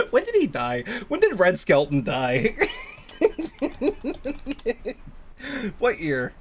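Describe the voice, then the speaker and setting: A man's voice: a little high, huge pitch swings, extremely slow, long pauses, slight background noise. A man chatting casually on a live stream while gaming, rambling from thought to thought, laughing often and swearing freely.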